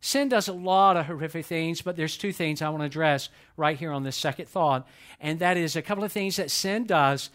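A man preaching a sermon at a church service, building through repeated phrases, then dropping to a hush. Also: fairly high pitch, brisk. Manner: impassioned, repetitive preaching with sudden swells and hushed drops. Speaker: pastor.

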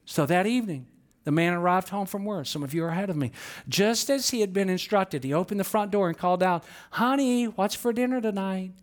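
A man's voice: sits high, quick pace. A man preaching a sermon, telling stories with acted-out quotes and light humor. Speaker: pastor.

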